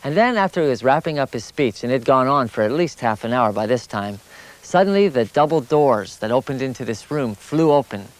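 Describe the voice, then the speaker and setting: A man recounting his walking travels as a lively anecdote, his voice climbing high at the funny moments. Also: a little fast. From United States. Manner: animated, rising sharply at the funny parts. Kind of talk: anecdotal storytelling.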